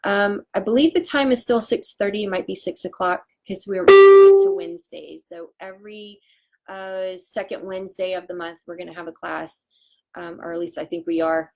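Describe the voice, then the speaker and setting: A woman in her forties selling essential oils on a live stream, talking in a chatty, excitable way with lots of fillers and restarts. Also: mid-range voice, normal speed, vocal fry, soft background music. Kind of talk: casual live-stream chat.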